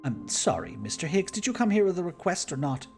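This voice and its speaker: A man's voice: high voice, very animated, fairly quick, a little mellow, soft background music, pitched above the performer's own voice. A man voicing a stiff, formal male ship's officer who speaks primly and impatiently. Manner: prim and impatient.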